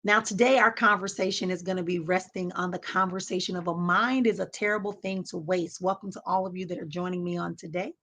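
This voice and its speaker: A woman's voice: on the low side, steady tone, fairly quick, hardly any pauses, fairly bright tone. A woman hosting a motivational talk, speaking in an emphatic, repetitive teaching cadence. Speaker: host.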